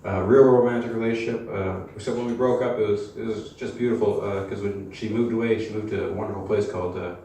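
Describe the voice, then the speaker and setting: Deadpan young man doing stand-up. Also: on the low side, fast talker, few pauses. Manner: hesitant, deadpan, filler-heavy. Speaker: amateur stand-up comedian. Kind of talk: stand-up routine. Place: comedy club stage. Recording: echoey live club, mic at distance, room noise.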